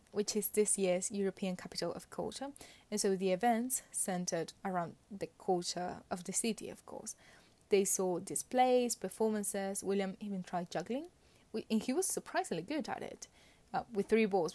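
A woman's voice: mid-range voice, dark tone, dry recording. A woman giving casual, opinionated commentary on royal fashion, chatty with frequent fillers and little laughs.

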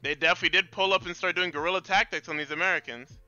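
A man's voice: high voice, very fast, clean tone, lo-fi sound, soft background music. A man co-hosting a casual gaming chat stream, arguing his point with lots of swearing. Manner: profane, animated arguing. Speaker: podcast co-host.

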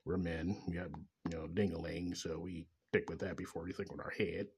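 A man's voice: low-pitched, fairly even intonation, a little fast, a little mellow, slightly rough. A middle-aged man talking in a bitter, profane, rambling personal monologue about being a father. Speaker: father venting about child support.

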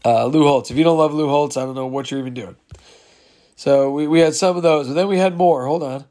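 Man, higher-pitched voice, solo podcast host, casual chat, reading listener replies aloud, chuckling. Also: a little fast, warm tone.

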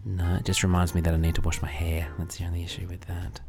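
A man's voice: low-pitched, monotone, fast talker, darkish tone, soft background music. A man co-hosting a podcast, blunt and joking, laughing easily. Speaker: podcast co-host. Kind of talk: casual chat. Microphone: studio microphone.

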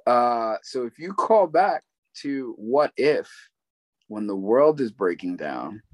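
A man's voice: mid-range voice, big pitch swings, slow pace, no room sound, low-quality recording. A man co-hosting a casual film discussion, hesitant with many ums and uhs. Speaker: co-host.

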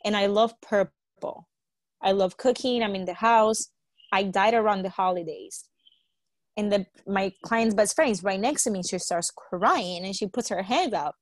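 Animated woman telling a story, dry sound. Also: medium pitch, measured pace, dry recording. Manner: animated storyteller, quotes others, swears, laughs. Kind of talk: casual storytelling chat.

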